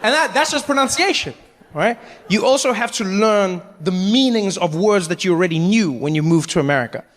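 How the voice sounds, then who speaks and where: A middle-aged man with a South African accent doing animated, self-mocking stand-up storytelling. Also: high-pitched, a little fast, long reverb tail. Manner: animated, self-mocking, rising to near shouts. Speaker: stand-up comedian.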